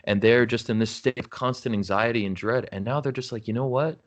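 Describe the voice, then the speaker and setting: A man's voice: fairly low pitch, steady tone, brisk. A man speaking as a podcast guest, telling his story frankly and earnestly, often saying "you know" and "right?" and restarting his sentences. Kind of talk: candid conversational storytelling.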